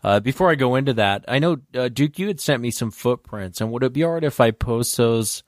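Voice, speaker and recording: A man hosting a podcast, chatting casually and retelling a listener's account with lively energy. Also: mid-range voice, brisk, no echo, clean studio sound. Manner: animated retelling of a caller's story. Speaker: podcast host. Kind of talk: casual interview chat.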